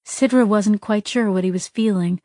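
A woman narrating a story in a measured, even way. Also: medium pitch, no echo, studio quality. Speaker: audiobook narrator. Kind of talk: scripted narration.

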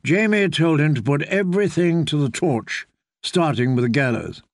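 A man narrating a fantasy audiobook in a brisk, even storytelling manner. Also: a little high, dry recording, clean studio sound.

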